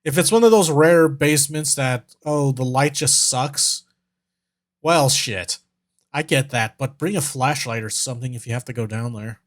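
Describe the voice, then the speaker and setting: A man's voice: medium pitch, normal speed. A man streaming as a vtuber, chatting casually as he reacts to videos, rambling, laughing and swearing.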